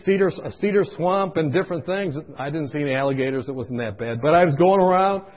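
A man preaching through a comic personal story, animated and acting out scenes, in a dull lo-fi recording. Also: on the high side, fast talker. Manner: animated, comic, acts out voices.

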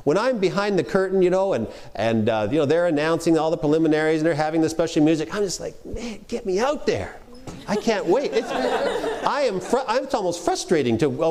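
A middle-aged man teaches a workshop on preaching in a loose, conversational way. His voice sits slightly high and swings up and down with real animation, and he acts out the lines he quotes. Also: a little mellow. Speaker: preaching instructor.

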